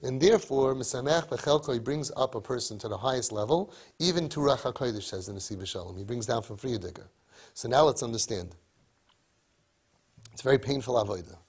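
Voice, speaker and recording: Husky man giving a storytelling sermon. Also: mid-range voice, lively intonation, fairly quick, a little mellow. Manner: emphatic, rhetorical questions. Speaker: religious speaker.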